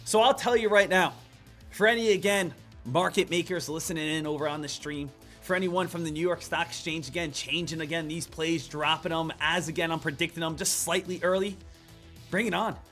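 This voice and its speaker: A man streaming live stock trades, muttering over charts and then ranting loudly and excitedly. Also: fairly high pitch, brisk, soft background music. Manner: swings from muttered chart reading to loud excited rants. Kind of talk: live trading stream commentary.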